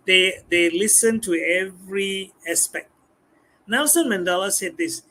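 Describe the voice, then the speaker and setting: Here a high-voiced guest speaker gives a live-stream talk about communication skills at an unhurried pace. He stays lively and animated throughout, imitating customers and repeating his words.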